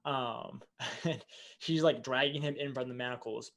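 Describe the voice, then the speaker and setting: A man's voice: mid-range voice, fairly even intonation, a little slow, fairly bright tone. A man narrating a tabletop game as game master, describing scenes casually with many fillers.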